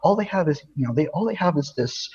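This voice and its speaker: A man's voice: fairly high pitch, expressive, fast, a little mellow, breathy edge, highs cut off. A man co-hosting a casual podcast chat, talking emphatically and repeating words as he builds his point. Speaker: podcast co-host.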